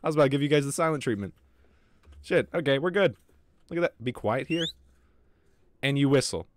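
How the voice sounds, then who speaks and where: A man's voice: medium pitch, expressive, a little fast, slight background noise. A man streaming a horror game, talking to his chat in a jittery way and swearing often. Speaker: gaming streamer. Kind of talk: live gameplay commentary.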